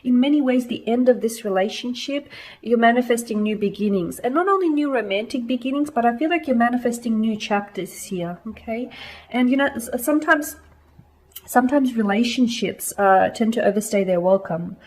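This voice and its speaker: A woman's voice: fairly high pitch, normal speed, darkish tone, slight background noise, poor audio. A woman giving a casual tarot reading to her viewers, reassuring and repeating that she feels and sees things in the cards. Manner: reassuring, repeating "I feel like" and "I'm seeing". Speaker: tarot reader.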